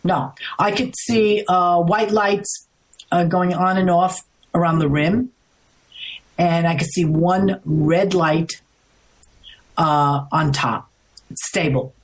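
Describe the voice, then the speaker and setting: Animated middle-aged woman telling a story. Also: on the low side, slow pace, long pauses, rough recording. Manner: animated, rambling with restarts. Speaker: interview guest. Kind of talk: casual storytelling.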